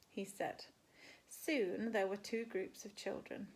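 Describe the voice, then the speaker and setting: A woman teacher reading a picture book aloud, slow and expressive, building up the counting. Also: mid-range voice.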